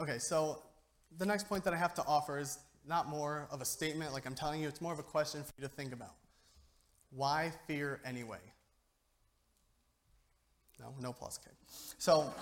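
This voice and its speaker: A young lay speaker with a slightly high, somewhat bright voice moves fairly quickly through a casual youth sermon, over a little hiss or hum. He's jokey and chatty with the church, often asking "okay?"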